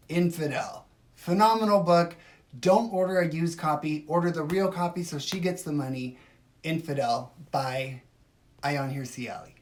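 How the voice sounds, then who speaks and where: A woman's voice: on the low side, a little mellow. A woman hosting a casual phone livestream, chatting and answering viewer comments. She talks emphatically and swings between gushing and dismissive. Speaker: livestream host.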